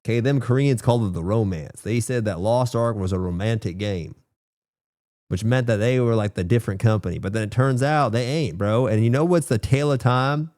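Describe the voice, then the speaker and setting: A man's voice: medium pitch, a little fast, darkish tone, no room sound, studio quality. A man game streamer chatting casually with his viewers in rambling, profane slang. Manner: rambling, profane slang, says bro a lot.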